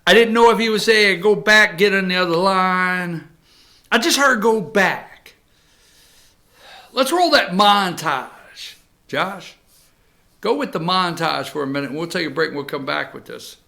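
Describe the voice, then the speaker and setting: A man hosting a talk show, giving animated, sarcastic commentary with asides to his producer. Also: high voice, unhurried, creaky. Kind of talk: casual commentary.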